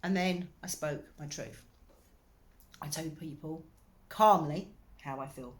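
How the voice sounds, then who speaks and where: A woman with a notably low voice talks straight to her listener in a personal advice talk. She is earnest and encouraging, pressing her points home. There is a slight irritation in her throat. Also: takes it slowly. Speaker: wellbeing coach. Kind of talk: direct-to-camera advice talk.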